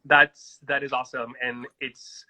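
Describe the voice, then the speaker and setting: A man's voice: mid-range voice, little pitch movement, a little slow, noisy background. A man hosting a casual live-stream interview from home on his phone, gushing and chatty. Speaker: host. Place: at home in New York. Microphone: phone on a social-media live stream.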